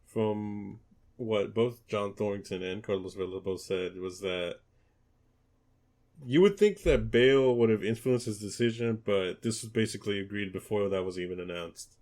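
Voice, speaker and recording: A man hosting a football podcast in casual chat, relaxed and hesitant, with many ums and restarts. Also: lowish voice, normal speed. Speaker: podcast host.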